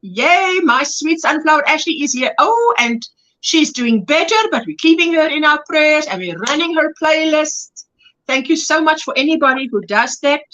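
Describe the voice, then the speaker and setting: Bright, chatty woman host. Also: high-pitched, lively intonation, moderate pace, highs cut off. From South Africa. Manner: chatty, affectionate, greets viewers by name. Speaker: crochet livestream host. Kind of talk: casual livestream chat.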